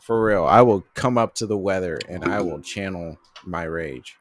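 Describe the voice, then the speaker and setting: Young dude rambling on a podcast, swears a lot, lots of likes. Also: male voice, low-pitched, normal speed. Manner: rambling, filler-heavy, cursing. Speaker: podcast co-host. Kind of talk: casual chat.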